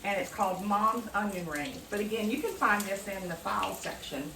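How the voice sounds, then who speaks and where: A friendly woman talks her viewers through a home recipe, chatty and enthusiastic, calling them friends. Her voice sits a little away from the mic, in a kitchen that rings with room echo. A steady hum of household noise runs behind her. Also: medium pitch, moderate pace, few pauses, far from the mic. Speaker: home cooking vlogger. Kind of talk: casual cooking demonstration.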